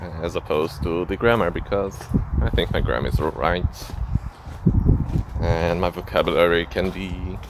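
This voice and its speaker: Slow, low-voiced Israeli man outdoors. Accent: Israeli, leaning American. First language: Hebrew. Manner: halting, thoughtful, many pauses. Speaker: vlogger. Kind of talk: casual reflective monologue. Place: outdoors near a street. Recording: outdoor street noise.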